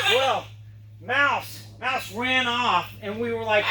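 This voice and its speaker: A man's voice: high-pitched, a little slow, sharp tone. A man performing a dog trick show, telling a rambling story and breaking off to cue his dogs. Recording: roomy, distant mic, background noise.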